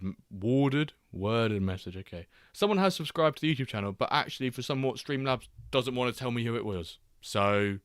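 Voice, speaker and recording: A man's voice: fairly low pitch, fairly bright tone, smooth, no echo. Chatty man hosting a dry-miked stream. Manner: chatty, reads out viewer messages, jokey asides. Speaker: livestream host. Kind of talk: casual watchalong chat.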